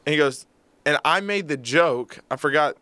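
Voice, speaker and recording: A young man, a podcast co-host, telling a story in casual chat; animated, acting out quotes and mocking himself. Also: a little high, normal speed, no echo.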